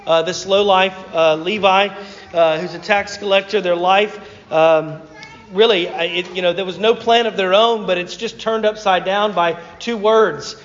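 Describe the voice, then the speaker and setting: Southern pastor, high voice, hall reverb. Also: male voice, fairly even intonation, moderate pace, fairly bright tone, a little hiss or hum. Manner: conversational, hesitant storytelling with many fillers and restarts. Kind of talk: sermon. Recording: dull sound with long hall reverb.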